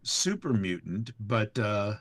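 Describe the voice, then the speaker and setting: A man's voice: fairly low pitch, very animated, slow pace, dry recording. A man, a voice actor, chatting casually and playfully as a livestream guest. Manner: playful, improvising.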